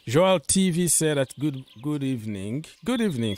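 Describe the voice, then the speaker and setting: A man's voice: medium pitch, expressive, measured pace, a little mellow, a little hiss or hum. A man hosting a casual football live stream, talking loosely, repeating himself and reading out viewer comments, with a delivery.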